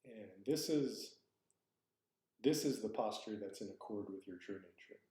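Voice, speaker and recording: A man's voice: lowish voice, animated, unhurried, dark tone. A man giving a dharma talk as a Zen teacher, reflective and searching, often correcting himself aloud. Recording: roomy echo.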